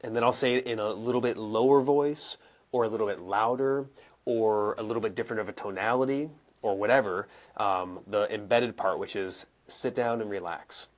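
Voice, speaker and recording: A young adult man coaching live viewers in a casual, conversational way, acting out examples with pauses and emphasis. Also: on the low side. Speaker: coach and speaker answering viewer questions. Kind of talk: live-streamed teaching. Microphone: camera mic, moves around and sits back down.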